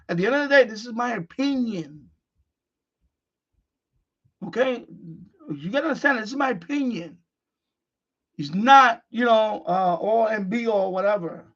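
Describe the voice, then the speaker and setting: This middle-aged live-stream host talks off the cuff in an unscripted monologue, bluntly and with frustration, repeating himself and starting sentences over. He has a high, somewhat bright voice, and the recording is dull lo-fi stream audio.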